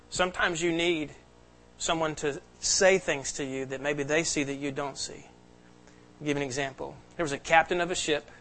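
A man's voice: a little high, a bit bright, low-quality recording. A pastor giving an earnest, emphatic sermon to his congregation in a church. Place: church sanctuary.

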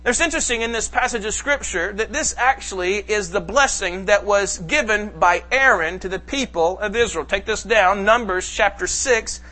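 A man preaching a sermon to a congregation, reading scripture slowly and with emphasis. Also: high voice, bright, forceful tone. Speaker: pastor. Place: church sanctuary.

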